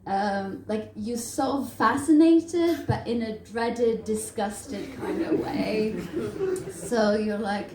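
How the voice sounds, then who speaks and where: A woman from Latvia performing a stand-up set on a comedy bar stage, self-mocking and animated, with sudden loud bursts. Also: fairly high pitch, slow pace, noisy background. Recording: roomy live venue, faint crowd.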